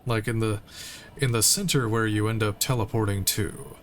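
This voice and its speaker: A man streaming a game, reading its text aloud in a relaxed way and making occasional asides. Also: lowish voice, normal speed, slight background noise. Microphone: streaming mic.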